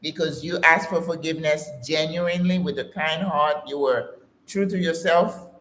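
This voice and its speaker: Talking to camera on her own channel, a sixty-something woman gives a preachy, emphatic pep talk, addressing viewers as "sis." Her low, slightly bright voice is fairly even and moderately paced, in an echoey room with slight background noise.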